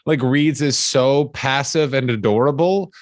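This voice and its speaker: A man's voice: mid-range voice, unhurried, no echo, studio quality. A young man co-hosting a comedy podcast, rambling and swearing and slipping into jokey impressions of people. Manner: rambling, profane, mimics people in jokey voices. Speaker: podcast co-host. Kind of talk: casual comedic chat.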